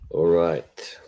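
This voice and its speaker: A man with a low, warm voice hosts a casual livestream, rambling loosely while he swears and laughs. He greets and answers viewers in his chat.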